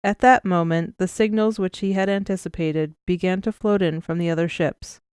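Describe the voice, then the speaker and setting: Smooth-voiced woman narrating an audiobook. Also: on the low side, no echo, studio quality. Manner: even, measured storytelling. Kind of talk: scripted narration.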